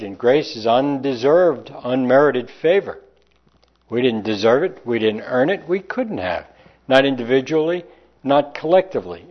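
A man preaching a sermon, reading old-style scripture aloud and slowing down to stress key phrases. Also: medium pitch, highs cut off.

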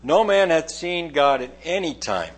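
A man's voice: fairly high pitch, big pitch swings, unhurried. A man preaching a verse-by-verse sermon from a lectern, earnest and emphatic, repeating key phrases. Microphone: lectern microphone. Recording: mains hum in background.

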